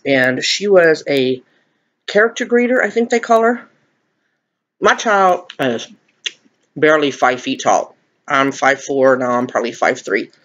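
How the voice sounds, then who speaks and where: A man's voice: mid-range voice, unhurried, pauses often, a bit bright, lo-fi sound. A middle-aged man in a chatty eating vlog, rambling and laughing as he talks to viewers. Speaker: vlogger. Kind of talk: mukbang chat, eating on camera.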